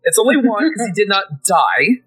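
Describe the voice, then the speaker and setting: Bright-voiced casual game master. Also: male voice, high voice, lively intonation, normal speed, breathy edge, faint music behind, poor audio. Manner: vivid, casual, swears freely. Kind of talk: narrating a tabletop role-playing game.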